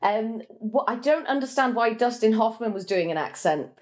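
A woman's voice: a little high, lively intonation, moderate pace. A woman on a film podcast panel, speaking casually and filling her sentences with "like" and "you know".

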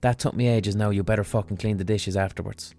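A man's voice: on the low side, steady tone, fast, warm tone, lightly acted. A man voicing a frustrated young woman, a resentful girlfriend, in a blunt, sweary way. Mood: aggrieved.

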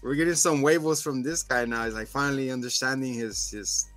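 A man co-hosting a podcast, recapping a show in animated casual chat and acting out scenes. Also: mid-range voice, fairly quick, soft background music. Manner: animated, acts out scenes in quotes, laughs. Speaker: podcast co-host.

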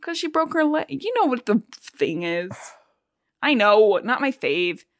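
A woman co-hosting a casual podcast, recapping a novel in a chatty way and quickly putting on the characters' lines. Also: fairly high pitch, very animated, dry recording, clean studio sound. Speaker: podcast co-host. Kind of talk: casual book discussion.

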